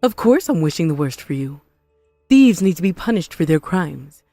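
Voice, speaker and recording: A woman voicing a spiteful, possessive mother-in-law in an animated story, scornful and melodramatic. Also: fairly low pitch, moderate pace, no echo, faint music behind. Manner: scornful, melodramatic, self-pitying.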